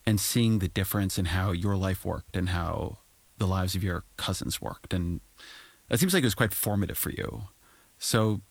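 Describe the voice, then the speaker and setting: A man hosting an interview, asking measured, probing questions. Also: sits low, gravelly, husky, no echo. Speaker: interviewer host.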